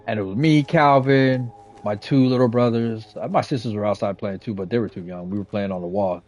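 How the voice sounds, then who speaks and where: A man's voice: fairly low pitch, brisk, a little mellow. A man in his forties from San Jose, a gaming streamer telling childhood stories in slangy, profane street talk. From west side of San Jose, California. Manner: slangy, streetwise and profane, with lots of "you know what I'm saying" and "right?". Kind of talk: casual storytelling chat.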